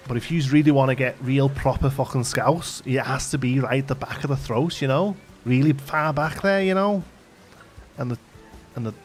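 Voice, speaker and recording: A man's voice: medium pitch, creaky. An English man with a light Liverpool tinge in his accent, hosting a live stream in casual, digressive chat and laughing often. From England. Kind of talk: casual chat while building in a game. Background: faint background music.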